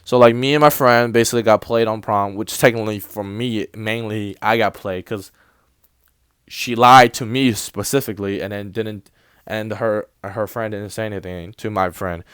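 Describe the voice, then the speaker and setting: Smooth young man telling a rambling story. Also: lowish voice, fairly even intonation, moderate pace, a bit bright, dry recording, clean studio sound. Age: young adult. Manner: rambling, many restarts and quoted dialogue. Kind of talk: casual storytime.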